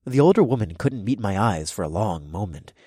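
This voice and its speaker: A male audiobook narrator tells a first-person fantasy tale in a steady, measured way, his voice low and slightly husky. The dry, close sound with no echo puts him right at the listener's ear.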